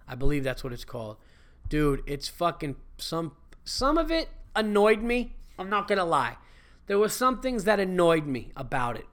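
A man hosting his podcast, a stand-up comedian talking in a casual, animated and profane monologue that rambles. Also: on the high side.

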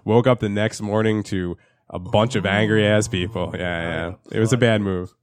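A man's voice: lowish voice, fairly even intonation, normal speed. A man in casual chat, rambling and swearing as he tells a story. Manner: profane, rambling, laughs often.

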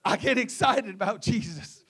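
A man's voice: high-pitched, expressive, normal speed, a bit bright, breathy edge. A male preacher, delivering an impassioned sermon in a sing-song preaching cadence.

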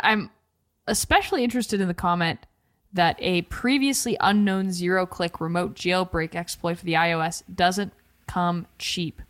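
A woman with a slightly low voice hosts a casual podcast discussion. She is playful and chatty and keeps things moving with questions and jokes. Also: fairly bright tone, dry recording. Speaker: podcast host.

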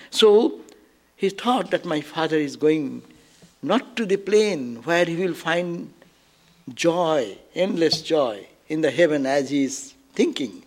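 A male spiritual teacher giving a discourse on a scripture story. He tells it in an animated way, chuckles often and keeps adding rhetorical asides to explain it. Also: fairly high pitch.

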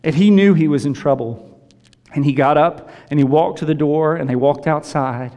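A man's voice: on the high side, moderate pace, dark tone, muffled recording. A middle-aged man preaching a sermon as a pastor, earnest and repeating key phrases for emphasis. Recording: long reverb of a large hall.

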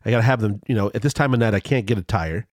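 Rambling, animated man telling a story. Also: racing, dry recording, studio quality. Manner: rambling with frequent restarts and fillers; animated, jumps higher when excited. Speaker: vlogger telling a road story. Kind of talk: casual storytelling.

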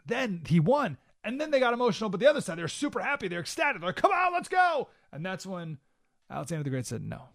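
A man's voice: high-pitched, very animated, very fast, no echo. A man hosting a talk radio show, giving an emphatic monologue full of rhetorical questions in a studio. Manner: emphatic, rhetorical questions, keeps asking "right?".

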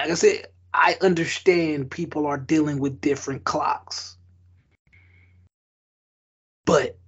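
A man's voice: on the high side, slightly rough, dull audio. A man co-hosting a casual podcast, laying down life advice with slang and basketball analogies. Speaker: podcast co-host.

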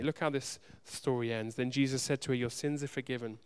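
Male pastor, smooth resonant voice, earnest sermon delivery, loud urgent swells and hushed low moments. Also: steady tone, fairly quick, few pauses. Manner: earnest, direct address to the congregation.

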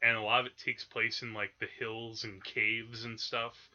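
Rambling bright-voiced man talking films. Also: mid-range voice, little pitch movement, moderate pace, muffled recording. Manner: rambling, many fillers and restarts. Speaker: podcast host. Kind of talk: casual film discussion.

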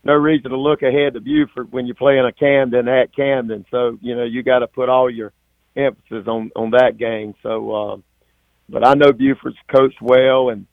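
Gravelly coach on a phone line. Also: male voice, medium pitch, little pitch movement, no echo. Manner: halting, many fillers and restarts. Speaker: high school football coach. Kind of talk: postgame phone interview. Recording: tinny, dry phone line.

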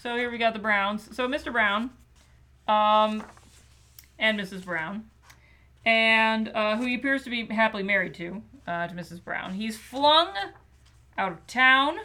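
A woman's voice: a little high, measured pace, bright, forceful tone. A woman hosting a podcast, chatting playfully and casually about children's books. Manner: chatty and playful, with many fillers. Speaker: podcast host.

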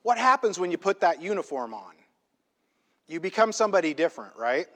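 A male pastor preaching a sermon in a church, emphatic and conversational, often checking in with a quick "right?". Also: high-pitched, big pitch swings, fairly bright tone. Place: church sanctuary. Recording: long hall reverb in a church.

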